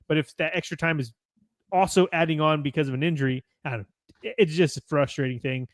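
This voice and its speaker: An American man hosts a podcast and runs through match results from his notes. He talks in a chatty way and often corrects himself, in a slightly high voice. The mic is close and dry. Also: quick pace, no echo. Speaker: podcast host. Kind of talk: reading a match recap with casual asides.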